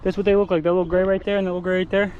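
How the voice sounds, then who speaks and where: A man's voice: high-pitched, flat delivery, rapid-fire, lo-fi sound, background noise. A man rambling and joking casually in a running vlog, sweaty and out of breath, talking into a handheld phone outdoors. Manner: rambling, jokey, self-deprecating. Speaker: vlogger.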